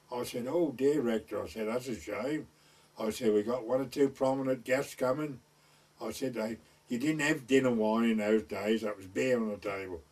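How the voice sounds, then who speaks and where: A man's voice: medium pitch, normal speed, darkish tone, breathy edge, far from the mic. Older man with a North Essex/West Suffolk accent. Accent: North Essex / West Suffolk border dialect. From East Anglia, England. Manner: rambling anecdotal telling, voices the people he quotes. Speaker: village storyteller. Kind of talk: recorded oral-history storytelling.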